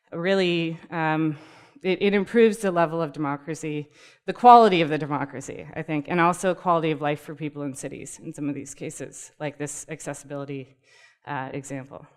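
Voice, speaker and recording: A woman with a smooth, lowish voice delivers a casual, upbeat talk at a tech community gathering. She laughs easily and speaks directly to those in the room, keeping it conversational.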